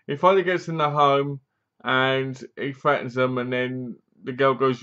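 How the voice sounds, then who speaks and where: A man at an ordinary mid pitch talks casually through a film's plot, slipping in dry, mocking jabs. He acts out snatches of scenes in comic voices as he goes. The recording sounds slightly dull and lo-fi. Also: fairly even intonation, moderate pace, sharp tone, smooth. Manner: rambling, acts out bits of scenes in funny voices. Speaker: film reviewer. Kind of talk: casual spoken movie review.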